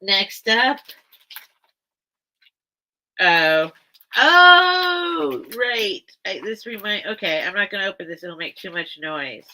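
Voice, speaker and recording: A woman's voice: fairly low pitch, a little slow, pauses often, pushed and bright. A woman hosting a live vintage sale stream, rambling and interrupting herself in casual chat. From grew up by the beach. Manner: rambling, self-interrupting, chatty.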